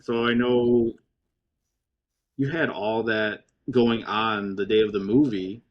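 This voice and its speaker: A man's voice: fairly low pitch, flat delivery, slow, muffled recording. A man hosting a podcast, recapping the night's troubles in a rambling, casual storytelling way. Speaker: podcast host. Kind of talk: casual chat.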